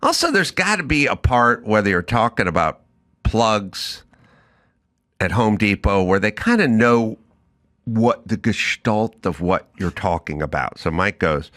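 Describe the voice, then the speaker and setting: A man's voice: on the low side, big pitch swings, a little slow, a bit bright. A middle-aged man hosting a talk show, telling a comedic story and acting out both sides of the conversation. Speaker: podcast host.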